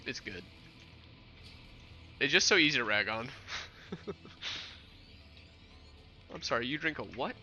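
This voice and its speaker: A man's voice: medium pitch, expressive, moderate pace, pauses often, pushed and bright, highs cut off. A young man from New York chatting casually with viewers while streaming a game, rambling and answering questions. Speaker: gaming streamer. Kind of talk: casual livestream chat while playing.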